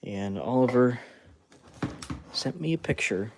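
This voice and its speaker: With a mid-range, expressive voice and a slow pace, this man streams himself sculpting clay, a little hiss or hum audible in the audio. He chats, laughs a lot, narrates what he's making and talks with fans via chat.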